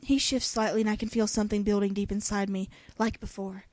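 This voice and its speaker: A woman's voice: medium pitch, little pitch movement, fast, a little mellow. A young woman reading a novel aloud in a dramatic voice, breaking off for sarcastic jokes. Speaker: reader.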